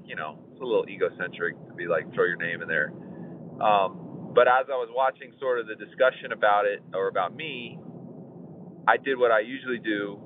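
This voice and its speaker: Relaxed male podcast host, forties, rambling and chuckling; tinny phone-line audio. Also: fairly low pitch, a little hiss or hum. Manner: laid-back, chuckling, rambling with fillers. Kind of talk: casual podcast chat.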